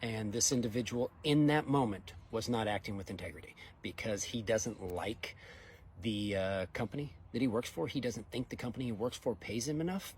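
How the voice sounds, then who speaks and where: A man's voice: lowish voice, moderate pace, slight background noise. A middle-aged man, a welder, giving a blunt, exasperated opinion monologue in casual speech. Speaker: fabricator welder.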